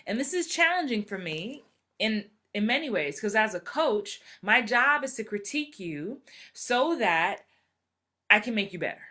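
Bright-voiced woman in her forties, animated. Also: medium pitch, moderate pace. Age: 40s. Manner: animated, acts out quoted voices. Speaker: acting coach. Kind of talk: live-streamed motivational talk.

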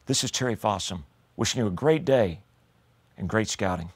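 A man's voice: fairly low pitch, lively intonation, normal speed, slightly rough, no echo. A man giving an earnest, grateful recorded thank-you message as an event speaker.

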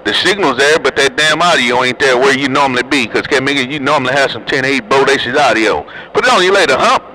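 A man's voice: mid-range voice, fast talker, pushed and bright, low-quality recording. A man chatting and teasing other drivers over a CB radio in slangy, joking banter. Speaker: CB radio operator. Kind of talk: casual CB radio chat.

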